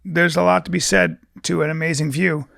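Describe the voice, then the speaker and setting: Casting: male podcast host, gravelly edge, dry close sound, playful comic storyteller. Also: on the high side, steady tone, a little fast, pushed and bright, no echo. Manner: playful storyteller, acts out voices of people in his stories. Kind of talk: casual comedic chat.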